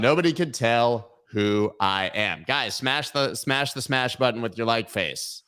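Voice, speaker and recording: A man's voice: medium pitch, lively intonation, slow, fairly bright tone, clean tone. Playful, joking man hosting a livestream. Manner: jokey and playful, riffing on silly bits. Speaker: host of a crypto news livestream. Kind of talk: casual livestream chat. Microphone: webcam framing, sitting at camera.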